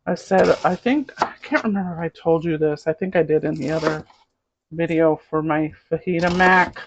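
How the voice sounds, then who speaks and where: A middle-aged woman with a low-pitched voice speaking at normal speed hosts a cooking show from her home kitchen. The recording is muffled, with pots, pans and dishes clattering in the noisy background as she chats casually and rambles to the camera while cooking.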